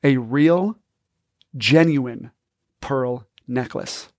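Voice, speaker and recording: A man's voice: mid-range voice, very slow, dry recording, clean studio sound. A man hosting a podcast, telling a story in an upbeat, casual way. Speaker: podcast host.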